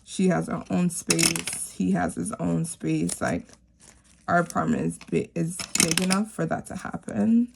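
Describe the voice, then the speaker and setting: Woman, chatty savings vlogger, gravelly fry-heavy voice, faint background noise. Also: on the low side, animated, unhurried. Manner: chatty, rambling with many "like"s. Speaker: teacher. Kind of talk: casual chat to camera.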